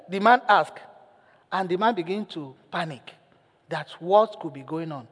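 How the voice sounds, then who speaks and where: A male pastor preaching a sermon, telling a story with lively acted lines and putting questions to the congregation. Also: high voice, unhurried, breathy edge, big-room sound.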